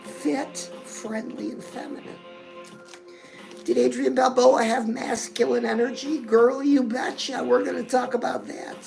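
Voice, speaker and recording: High gravelly gushing woman host. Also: fairly even intonation, a little slow, music in the background, low-quality recording. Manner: gushing, chatty, keeps calling the viewer girl. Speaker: fitness and lifestyle show host. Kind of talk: comedic character monologue.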